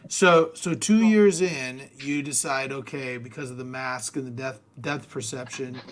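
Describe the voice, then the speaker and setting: A man's voice: mid-range voice, a little slow. A man hosting an interview, listening closely with short reactions and follow-up questions. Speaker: podcast host.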